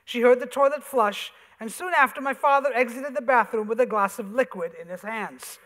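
A man, an author, reading his comic essay aloud on a theater stage with wry, animated storytelling. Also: extremely high pitch, fairly quick. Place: theater stage before an audience. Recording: reverberant theater hall.

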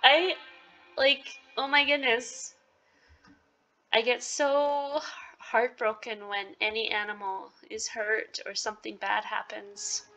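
A woman's voice: a little high, level tone, slow pace, soft background music, poor audio. Emotional, giggly woman gaming host. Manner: emotional and giggly, sometimes dropping to a soft whisper. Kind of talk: casual let's-play commentary.

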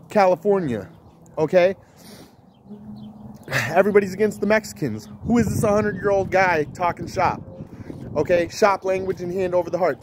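High voiced guy rambling to his camera, giggly and repeats himself, faint noise behind. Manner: giggly, repetitive, stream-of-consciousness. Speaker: vlogger. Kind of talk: rambling casual monologue to camera.

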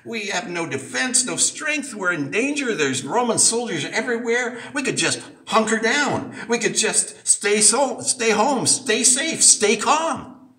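Male preacher doing anxious frightened women, pleading, bright and strained, heard from afar. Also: high voice, big pitch swings, a little slow, voice pushed up, heavily acted. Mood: fearful. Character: frightened early women at the tomb. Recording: echoey church from a distance.

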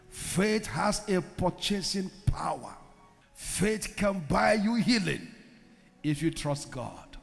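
Man preaching, fervent, shouts then hushes, high lively voice, gravelly, echoing hall with faint music. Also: unhurried. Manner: fervent, shouting exhortations with sudden hushed drops. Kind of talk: sermon.

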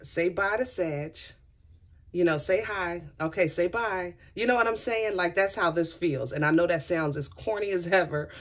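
A woman giving a casual tarot reading to her viewers, chatty and effusive, rambling through asides and talking straight to her listeners. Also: on the low side. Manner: addresses listeners directly and often. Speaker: tarot reader.

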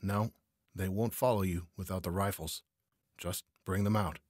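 A man voicing a calm, determined young male veterinarian, quiet and controlled. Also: low voice, moderate pace, no echo, studio quality.

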